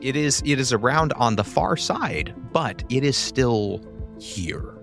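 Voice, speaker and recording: A man narrating as game master for a tabletop game podcast, relaxed and halting, with fillers and restarts. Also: medium pitch, creaky, over music. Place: home recording for a podcast.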